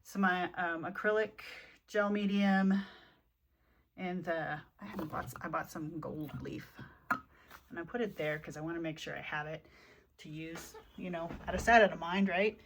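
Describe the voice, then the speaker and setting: A woman's voice: on the low side, fairly even intonation, moderate pace, slight background noise. Chatty woman giving a craft room tour. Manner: chatty, rambling, listing items with fillers. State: slightly out of breath. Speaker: craft vlogger.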